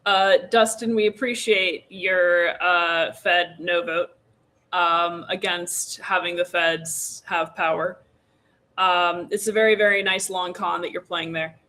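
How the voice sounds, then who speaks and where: A woman's voice: on the low side, steady tone, slow pace, bright, forceful tone. A woman co-hosting a casual livestream, rambling and joking with fillers as she wraps up. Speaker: podcast co-host.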